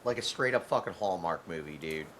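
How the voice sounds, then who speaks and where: A man's voice: low voice, lively intonation, fairly quick, a bit bright, slight background noise. A man co-hosting a podcast, chatting casually and swearing freely as he comments. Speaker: podcast co-host. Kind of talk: casual chat.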